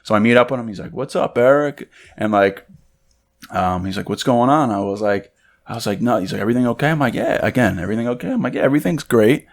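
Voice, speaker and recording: Over cigars, a young male podcast co-host spins a casual story at a quick pace in a mid-range voice. He gets animated, performing the quoted voices of the people involved.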